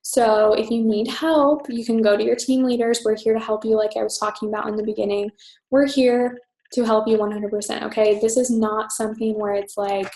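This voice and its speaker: A young woman team leader giving a fast, chatty, upbeat orientation talk full of "um" and "you guys". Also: fairly high pitch, steady tone, a little mellow. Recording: echoey room.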